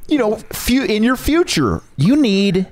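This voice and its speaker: A man's voice: high-pitched, sing-song, unhurried. A young man co-hosting a podcast, teasing a guest with pushy, joking hype. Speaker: podcast co-host. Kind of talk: crude comedic podcast banter.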